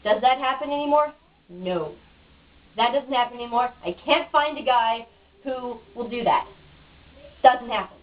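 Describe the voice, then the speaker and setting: A woman's voice: fairly high pitch, normal speed, long pauses. A woman being interviewed in a casual home video, talking in a frustrated, cynical rant. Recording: dull lo-fi, mic at a distance.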